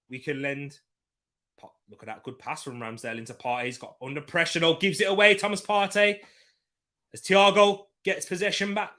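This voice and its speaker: A young man hosting a live football watchalong, commenting on play, reading viewer comments and shouting at referee calls. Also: mid-range voice, moderate pace. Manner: shouts at referee decisions, then chats calmly with viewers.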